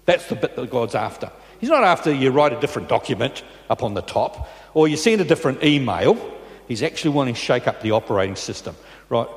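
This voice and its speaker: A man's voice: mid-range voice, lively intonation, quick pace. Chatty male preacher in an echoing church. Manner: conversational, checking in with listeners. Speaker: pastor. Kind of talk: sermon. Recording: long reverb in a large church.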